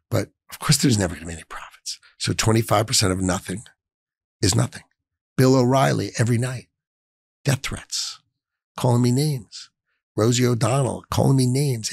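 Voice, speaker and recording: Gravelly, husky middle-aged New man telling an intense personal story in an interview, dry close sound. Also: medium pitch, no echo. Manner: emotional, emphatic, jumps between hushed and raised. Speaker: finance executive, interview guest.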